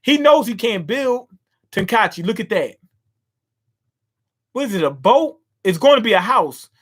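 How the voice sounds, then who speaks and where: Casting: man with a high-set voice, casual manga read-along, chatty quick reactions. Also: very animated, fairly bright tone. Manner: reads panels aloud, reacting with quick asides. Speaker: manga reader and commentator. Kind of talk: casual read-through with commentary.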